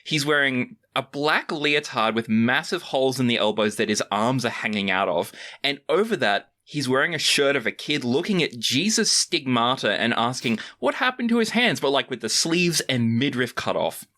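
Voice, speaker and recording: Lively podcast guest describing outfits. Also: mid-range voice, normal speed, few pauses. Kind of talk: casual chat recapping a film.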